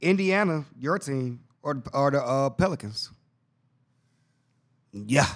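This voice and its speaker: A man hosting a podcast, chatting casually and excitedly, full of slang and repeating himself. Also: mid-range voice, slow. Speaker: podcast host. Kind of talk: casual basketball chat.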